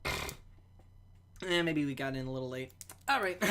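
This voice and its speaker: A woman's voice: low voice, takes it slowly, noisy background. A young woman hosting a casual livestream, chatting playfully while she draws. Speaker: livestream host. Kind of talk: casual chat while drawing.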